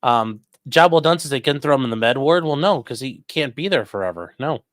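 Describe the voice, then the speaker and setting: A man's voice: mid-range voice, expressive, brisk, no room sound. A man hosting a casual livestream, reading chat comments and commenting bluntly with swearing and lots of fillers. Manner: blunt, profane, rambling with many fillers.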